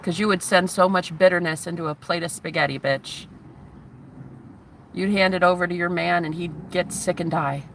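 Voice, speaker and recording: A woman's voice: fairly low pitch, fairly even intonation, moderate pace, creaky, a little hiss or hum. A woman in her thirties, a spiritual vlogger, giving a heated, profane, taunting rant to the camera. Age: 30s.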